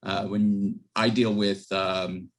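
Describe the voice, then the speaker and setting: A man's voice: on the low side, little pitch movement, slow. A man reporting back from a group discussion in an online class, hesitant with many fillers. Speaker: student. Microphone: video call.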